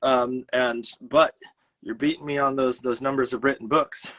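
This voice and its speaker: A Midwestern American man hosts a casual streamed conversation, his voice at an ordinary middle pitch. He rambles, backtracks and jokes as he goes, speaking into a home video-call setup. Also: fairly even intonation, moderate pace, a bit bright, low-quality recording. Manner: rambling, self-correcting, jokey. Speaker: host. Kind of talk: casual livestream chat.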